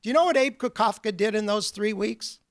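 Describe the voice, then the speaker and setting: A man's voice: high-pitched, brisk, no room sound. A man giving a lecture as a guest speaker, telling stories with humor. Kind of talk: storytelling lecture.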